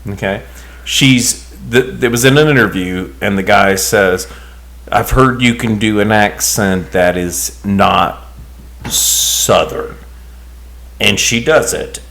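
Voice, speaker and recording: A man's voice: on the low side, slow, creaky, fairly bright tone. A man co-hosting a podcast in casual chat, rambling and hesitant, restarting his sentences often. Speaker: podcast co-host.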